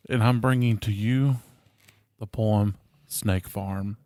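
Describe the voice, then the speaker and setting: A man's voice: fairly low pitch, steady tone, extremely slow, darkish tone, no echo. A man co-hosting a podcast, chatting casually and reading aloud in a dry, mock-serious way, giggling between lines. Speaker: podcast co-host.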